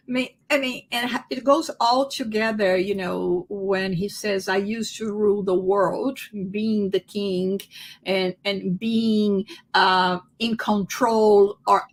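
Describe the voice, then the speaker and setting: A woman co-hosting a spirituality discussion, speaking with animated enthusiasm and frequent restarts. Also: mid-range voice, slow pace. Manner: animated, laughing often, many restarts. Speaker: podcast co-host.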